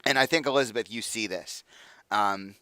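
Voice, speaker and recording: A man's voice: on the low side, normal speed, sharp tone, no room sound. A man narrating as dungeon master of a tabletop game, talking loosely with many fillers.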